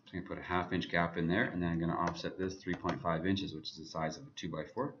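A man teaching a software tutorial over his screen, talking casually and thinking aloud as he clicks through each step. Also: low voice, flat delivery, fast, highs cut off, a little hiss or hum.

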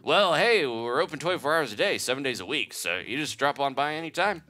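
A man's voice: a little high, animated, fairly quick, pushed and bright, pitched above the performer's own voice. A man voicing a folksy, eager male bomb shop owner, reading game dialogue aloud in sales patter.

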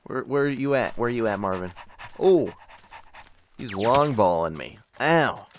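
A young man giving casual gameplay commentary as a channel host, excitable and often yelping in surprise. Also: medium pitch, unhurried, a little hiss or hum. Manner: excitable, exclaims and yelps often.

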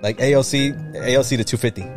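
Male podcast guest, mid pitch, animated cursing storyteller, faint music under him. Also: fast talker. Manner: animated, swears a lot, mixes in Spanish phrases. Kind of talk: casual storytelling.

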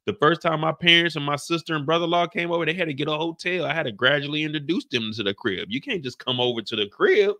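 A man's voice: on the high side, fast talker, few pauses. A young man hosting a casual reaction show, recapping an episode and acting out scenes in voices. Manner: animated, acts out scenes in voices.

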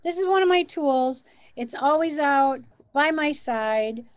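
Middle-aged woman, encouraging co-host, high voice, dry close sound. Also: animated, a little slow, no room sound. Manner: encouraging, coaching tone. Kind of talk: casual spiritual chat.

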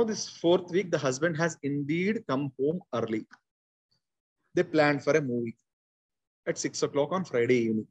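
Husky Indian-accented man teaching speakers. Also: fairly high pitch. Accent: Indian English. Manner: animated, repeats points, addresses listeners directly. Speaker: public speaking trainer. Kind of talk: conversational training session.

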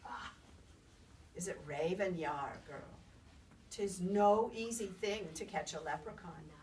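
A woman's voice: fairly low pitch, slow, a little mellow, voice pushed down. A woman voicing a frail old grandmother who wails and scolds, in a told storybook tale. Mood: complaining. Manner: wailing, scolding. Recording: distant mic, faint background noise.

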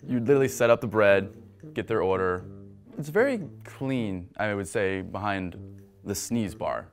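A man with a very low, gravelly voice tells a story to camera. His humor is dry and wry, and his speech is unhurried. Faint music plays behind him. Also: animated. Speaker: former fast-food worker.

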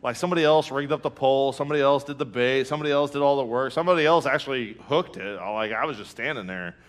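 A man, preaching a sermon with lively storytelling and acted-out reactions. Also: mid-range voice, quick pace. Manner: storytelling, animated, acts out his own reactions; laughs through jokes. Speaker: pastor.

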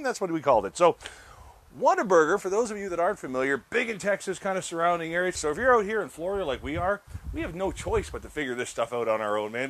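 Chatty, lively man hosting a cooking show. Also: on the high side. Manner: chatty, repeats words, talks to viewers directly. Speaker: cooking channel host. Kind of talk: casual cooking demonstration.

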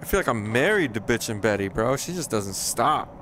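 A man streams a flight game, giving casual live commentary and chatting to viewers while making fun of his own flying. He's chatty and self-deprecating, with a mid-range, sing-song voice, a fairly bright tone, and a moderate pace. There's a little hiss or hum.

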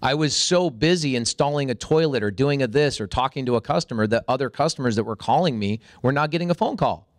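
A man talking as a podcast guest, telling a story with energy and jumping into high, excited voices when he acts out what people said. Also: fast, few pauses, no echo, clean studio sound. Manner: acts out quoted dialogue with sudden high-pitched bursts. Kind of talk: animated storytelling in conversation.

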